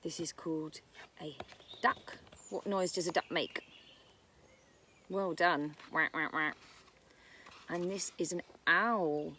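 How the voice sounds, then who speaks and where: A woman's voice: lowish voice, fairly even intonation, measured pace, long pauses, sharp tone, slight background noise. A British woman who teaches nursery, reading a picture book about birds to young children outdoors in a garden, using a sing-song storytime voice. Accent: British English.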